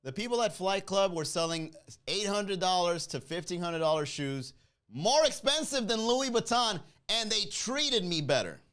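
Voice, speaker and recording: A man hosting a comedy podcast, telling a story in a casual, animated way, acting out the people in it and laughing at his own jokes. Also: normal speed, soft background music. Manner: animated, acts out quoted voices with big pitch jumps.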